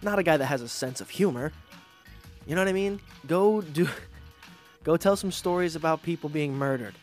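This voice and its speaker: A man hosting a podcast, ranting in a casual, profane, animated way and mocking others with put-on voices. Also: a little high, moderate pace, soft background music. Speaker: podcast host. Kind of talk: casual rant.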